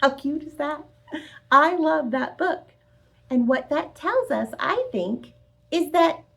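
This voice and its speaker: Lively, sing-song woman reading to children. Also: high voice, gravelly. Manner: expressive, sing-song, addresses children directly. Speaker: storyteller. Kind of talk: children's read-aloud.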